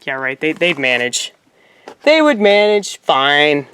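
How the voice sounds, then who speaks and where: Low-voiced woman in a rambling, profane vlog. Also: big pitch swings, takes it slowly, fairly bright tone, clean tone. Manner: rambling, profane, filler-heavy. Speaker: vlogger. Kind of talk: casual rambling monologue to camera.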